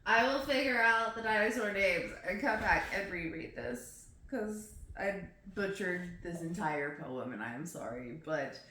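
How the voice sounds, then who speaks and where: A woman's voice: on the low side, animated, normal speed, hardly any pauses, pushed and bright. A woman casually reading poems aloud, laughing at herself as she stumbles over hard words and chatting between poems. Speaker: poetry reader. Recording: very echoey room.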